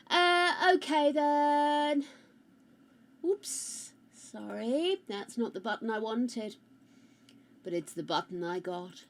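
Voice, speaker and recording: A woman chatting casually with her live-stream viewers on a close mic, loud and rambling, greeting people by name. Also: on the high side, expressive, a little slow.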